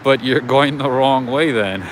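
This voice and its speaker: A man's voice: mid-range voice, takes it slowly, slight background noise. A man hosting a casual walking livestream outdoors, telling stories and chatting with viewers as he reads their comments. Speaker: livestream host. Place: outdoors on city streets.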